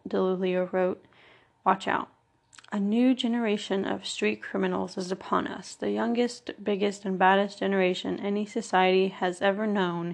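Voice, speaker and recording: A woman reading a first-person memoir aloud in an earnest, measured way, leaning on each item in a list. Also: medium pitch, creaky, a little mellow. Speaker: audiobook narrator.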